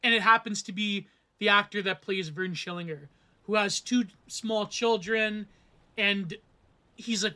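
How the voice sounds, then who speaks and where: A man gives a loose, chatty film analysis, wandering off into tangents and asides before finding his way back. His voice sits high for a man and sounds bright and forward. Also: a little slow. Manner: rambling, digressive, with asides and acted quotes. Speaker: film reviewer. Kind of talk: casual film analysis monologue.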